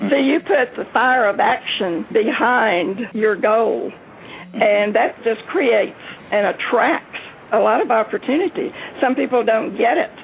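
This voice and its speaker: Gravelly-voiced woman giving motivational talk. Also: fairly high pitch, animated, a little slow. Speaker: panel guest, success coach. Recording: tinny phone-like audio with faint hiss.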